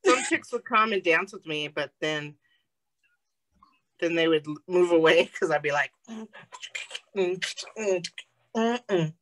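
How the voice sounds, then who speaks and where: Woman podcast co-host, low voice, bright edge, blunt joking banter. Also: lively intonation, slow, long pauses, rough recording. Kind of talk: casual chat.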